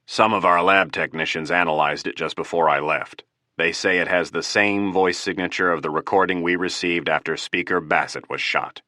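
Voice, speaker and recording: A man voicing a composed male FBI agent who speaks in an even tone. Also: deep voice, a little fast, dry recording, studio quality. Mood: calm.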